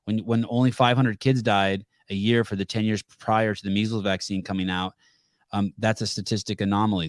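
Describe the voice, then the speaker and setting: Blunt, low-voiced male podcast host. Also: no echo, studio quality. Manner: blunt storyteller with profanity. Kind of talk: casual call-in show chat.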